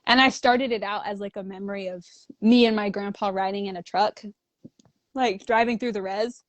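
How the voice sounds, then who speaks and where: A woman's voice: medium pitch, fairly even intonation, moderate pace, no room sound. A young adult woman telling stories as a guest in a casual interview, chatty and full of "like". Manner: chatty, fills speech with "like", acts out quoted dialogue.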